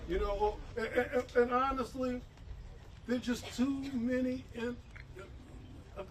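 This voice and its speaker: A man speaking as a minister at an outdoor news conference, emotional and preacherly, building up to shouts. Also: extremely high pitch, fairly even intonation, takes it slowly. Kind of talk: impassioned rally speech. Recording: distant outdoor mic with faint noise.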